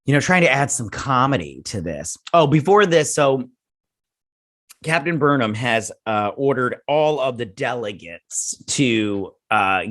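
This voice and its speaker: A man's voice: lowish voice, fairly bright tone, no echo, clean studio sound. A man hosting a casual TV review, sarcastic and mocking, often laughing and using fillers. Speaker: YouTube host reviewing a TV episode.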